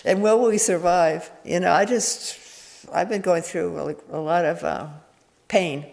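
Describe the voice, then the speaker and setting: A woman's voice: lowish voice, unhurried, vocal fry, darkish tone. Woman giving a rambling, candid dharma talk. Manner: meandering and candid, with frequent restarts and chuckles. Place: meditation hall. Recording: echoey hall reverb.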